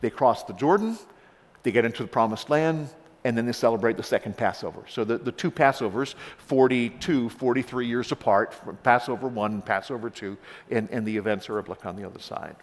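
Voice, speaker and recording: Preacher, male, mid-range voice, lively storytelling sermon, recorded with a ringing church echo. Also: mid-range voice, brisk. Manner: animated storytelling, frequent repeated starts. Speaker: pastor. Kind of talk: sermon with scripture reading. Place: church sanctuary. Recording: long church reverb.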